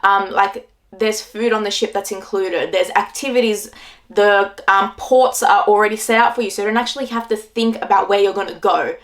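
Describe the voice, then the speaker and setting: An Australian travel vlogger in her twenties talks at a moderate pace, her medium-pitched voice fairly even in intonation. She casually tells the camera about her trip, chatty and packed with "like"s.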